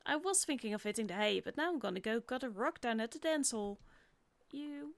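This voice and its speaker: A woman's voice: a little high, animated, fairly quick, creaky. A woman voicing a grumpy elderly male wizard from game dialogue, fussy and formal in phrasing. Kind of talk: reading game dialogue aloud.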